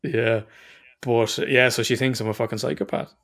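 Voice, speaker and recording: A man's voice: mid-range voice, level tone, normal speed, fairly bright tone. An Irish man telling rambling stories in casual podcast chat and swearing freely. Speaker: podcast co-host.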